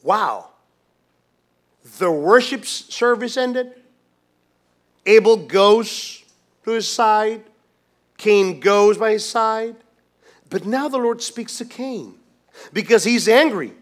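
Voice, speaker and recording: A man preaching a sermon as pastor, swinging from hushed, quiet lines to loud, emphatic ones, with many restarts. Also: high-pitched, slow, long pauses.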